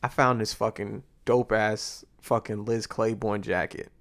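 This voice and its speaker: A man's voice: lowish voice, unhurried. A man from Boston, co-hosting a podcast, telling a story in casual chat and acting out the dialogue with plenty of swearing. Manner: animated storyteller, acts out dialogue, swears freely. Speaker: podcast co-host.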